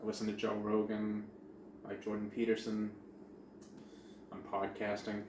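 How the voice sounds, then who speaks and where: A man co-hosting a casual podcast, telling a story in a profane, animated way. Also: lowish voice, a little slow. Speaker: podcast co-host. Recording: echoey room with faint noise.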